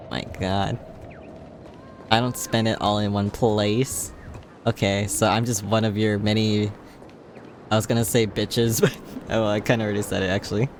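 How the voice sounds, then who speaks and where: A man's voice: fairly low pitch, fairly even intonation, moderate pace, a little hiss or hum. A man hosting a casual game livestream, tired and playful, laughing a lot as he chats with viewers. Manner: playful, giggly, chatting to viewers. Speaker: livestream host. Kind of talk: casual game-stream chat. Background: game music.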